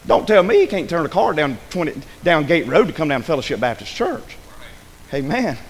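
A man preaching a sermon as pastor, telling a story with fervour, dropping to a hush and then rising to a shout. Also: a little high, sing-song, moderate pace. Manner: fervent storytelling, swings between hushed and shouted. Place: church sanctuary. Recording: echoey hall with faint ambience.

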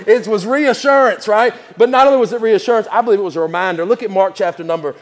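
Preaching fast in an echoing church hall, a man with a high, light voice keeps his sermon folksy and conversational, filled with laughs, asides, and repetition.

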